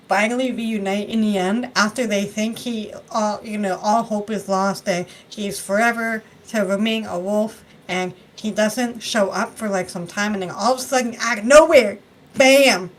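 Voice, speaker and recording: A woman's voice: mid-range voice, fairly even intonation, a little slow, a little hiss or hum. A young adult woman co-hosting a casual book review chat, chatty and hesitant with fillers, sometimes acting out quotes.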